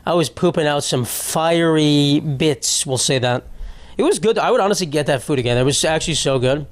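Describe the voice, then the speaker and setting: A man's voice: on the high side, a little fast. A young man hosting his own comedy podcast, ranting in a profane, rambling and self-mocking way. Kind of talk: solo comedic podcast rant.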